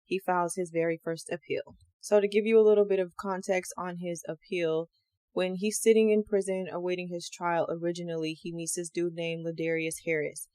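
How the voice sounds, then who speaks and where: Woman podcast host, casual true crime storyteller, slangy and animated, dry close mic. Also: lowish voice, brisk, no room sound. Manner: animated, slangy, acts out quotes.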